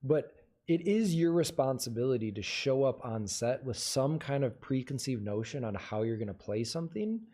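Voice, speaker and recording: A man's voice: mid-range voice, animated, normal speed, mellow. A man hosting a livestream, casually giving advice and answering viewer questions in a conversational way. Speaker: livestream host.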